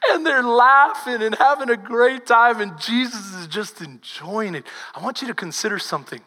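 A woman pastor with a Texan accent, preaching a sermon as lively storytelling that swings from loud to hushed. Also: on the high side, normal speed, in a large hall.

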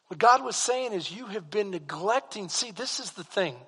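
A man preaching a sermon with rising passion, at times shouting to his congregation. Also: high voice, lively intonation, moderate pace, slightly rough. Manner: impassioned preaching that rises to shouts. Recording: long reverb of a large hall.

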